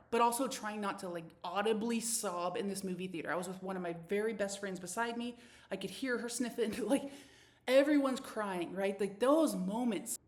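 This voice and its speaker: Woman in her thirties, podcast host, effusive and chatty, stumbles and restarts a lot. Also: medium pitch. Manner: animated, effusive, frequent restarts and stammers. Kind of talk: casual solo podcast monologue.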